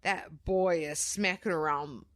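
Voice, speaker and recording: A young woman co-hosting a podcast, telling a true crime story casually, animated and swearing, acting out quoted voices. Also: lowish voice, slow. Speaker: podcast co-host.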